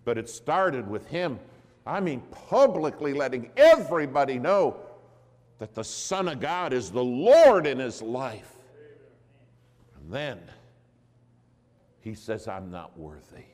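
A male preacher telling a story from the pulpit in a lively, dramatic manner. His pitch swings widely around a middle-range voice. The sound rings through an echoey hall. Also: slow pace, long pauses. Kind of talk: sermon storytelling.

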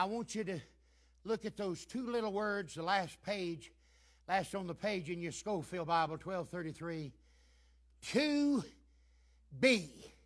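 An older man preaching a sermon, moving between hushed storytelling and fervent shouting. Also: high voice.

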